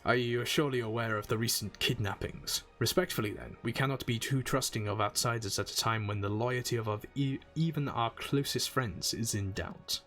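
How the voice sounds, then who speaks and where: A man's voice: mid-range voice, moderate pace, hardly any pauses, a bit bright, faint music behind, natural voice. A man reading a stern suspicious guard officer. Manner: formal, accusing.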